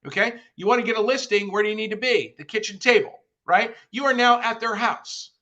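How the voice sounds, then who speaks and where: A middle-aged man with a bright, forceful voice sitting a little higher than most men's. He talks as a guest expert, coaching with energy and acting out little phone-call scenes as he tells a story. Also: brisk. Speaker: real estate guest expert.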